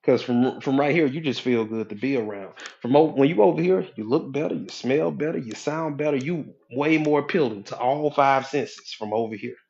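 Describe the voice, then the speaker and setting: A man's voice: medium pitch, moderate pace, gravelly, few pauses, a little mellow, dull audio. A man as a hypnotherapist and life coach giving a motivational talk, preachy and conversational, often checking in with his listeners.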